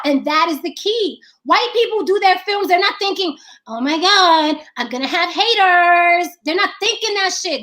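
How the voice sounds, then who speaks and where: A woman's voice: extremely high pitch, fairly bright tone. A woman filmmaker in casual chat, talking bluntly with lots of swearing and emphatic repetition.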